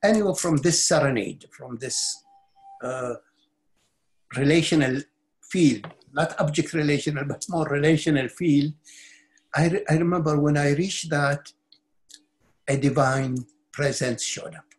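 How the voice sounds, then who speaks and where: A middle-aged man speaking as a spiritual teacher in an interview, his voice sitting a little above the usual male pitch. He recounts his own experience earnestly and intensely, stumbling into restarts and repeated words as he searches for the right phrase. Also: measured pace, long pauses. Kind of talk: personal storytelling in an interview.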